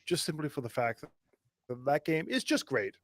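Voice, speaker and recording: A man's voice: a little high, sing-song, normal speed, slight background noise. A man co-hosting a gaming podcast in casual chat, earnest and thinking aloud with restarts. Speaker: podcast co-host.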